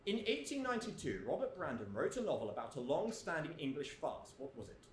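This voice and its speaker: Deadpan man asking quiz questions. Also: fairly high pitch, fast, a little hiss or hum. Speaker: quizmaster in a sketch. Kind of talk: comic stage sketch. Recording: roomy theatre with audience.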